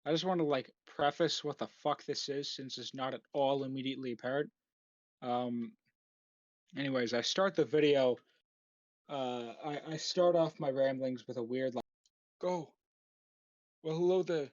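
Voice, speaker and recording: A man's voice: mid-range voice, steady tone, moderate pace, dry recording. Tired young man rambling late at night. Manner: swearing, rambling, many restarts and fillers. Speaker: vlogger. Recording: dull lo-fi dry home recording.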